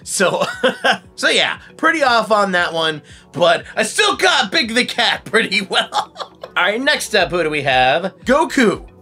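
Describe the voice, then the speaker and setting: A man, a voice impressionist, hosting a playful guessing game, animated and quick to laugh. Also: sits high, breathy edge, soft background music. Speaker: voice impressionist, host.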